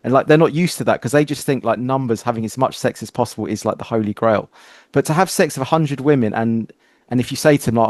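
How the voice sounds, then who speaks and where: A man hosting a casual interview, animated as he tells stories and acts out quoted exchanges. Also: medium pitch, fast, dry recording. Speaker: podcast host.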